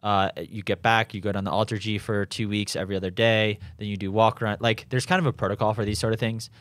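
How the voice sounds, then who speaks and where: A young man with a lowish voice tells his stories in a loose, rambling way, with lots of restarts and fillers. The sound is close and dry, with no room around it. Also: little pitch movement, fast talker, fairly bright tone, no room sound. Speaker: professional triathlete guest. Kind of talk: casual conversational interview. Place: home in Boulder.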